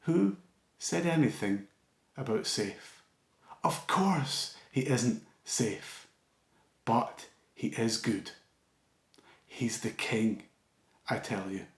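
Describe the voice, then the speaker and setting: A man voicing a grave, insistent male talking beaver from a storybook, slow and hushed, in an echoey hall. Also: mid-range voice. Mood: solemn.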